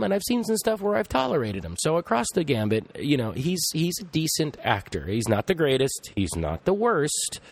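A middle-aged man hosting a podcast, talking casually in a rambling monologue full of restarts and asides. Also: on the low side. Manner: rambling, thinking aloud with frequent restarts. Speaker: podcast host.

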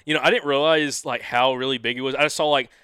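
A young man tells a hunting story on a podcast at a rapid clip, his voice bright and forward. He is animated and excitable, throwing in "dude" and "freaking" all the time. The sound is dry and close. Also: medium pitch, clear, resonant tone, dry recording. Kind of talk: casual storytelling chat.

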